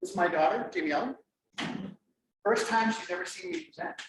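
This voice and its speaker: A man's voice: high voice, fairly quick. Joking middle-aged man presenting a workshop. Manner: lively, joking, quizzes the audience. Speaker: conference presenter. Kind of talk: interactive workshop talk. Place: conference room. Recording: echoey room, mic far off, faint noise.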